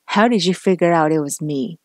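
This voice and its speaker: Woman reading as a vengeful killer cop, low, menacing, taunting, no room sound. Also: fairly quick, dry recording, clean studio sound, close to an everyday voice.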